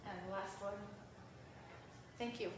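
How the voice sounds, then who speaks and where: A woman giving a lively live talk and answering audience questions, speaking conversationally to the crowd. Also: medium pitch, unhurried. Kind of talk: live presentation with Q&A. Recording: echoey room, mic far off, faint noise.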